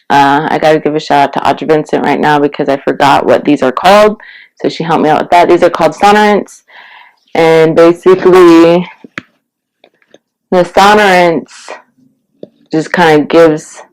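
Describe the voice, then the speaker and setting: A woman giving a casual video-blog language lesson, explaining slowly and relaxed, with many fillers. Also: low-pitched, low-quality recording. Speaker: language teacher.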